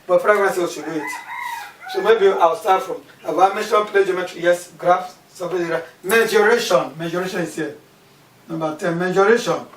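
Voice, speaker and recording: High-pitched and a little bright, a man teaches a maths class, going over key terms repeatedly and asking questions aloud. The distant recording carries room echo and faint background noise.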